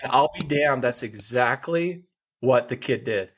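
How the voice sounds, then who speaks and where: This American man in his forties speaks at a medium pitch and a measured pace. He works as a hunting guide and outfitter and is appearing as a podcast guest. He tells a story in casual conversation, an animated storyteller who acts out the voices of the people in it.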